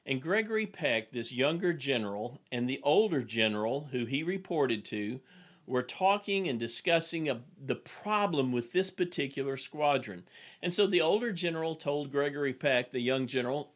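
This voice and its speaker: A man's voice: mid-range voice, animated, normal speed, a bit bright. A man who is an executive coach, giving a recorded business lesson in an earnest, plain and direct storytelling manner.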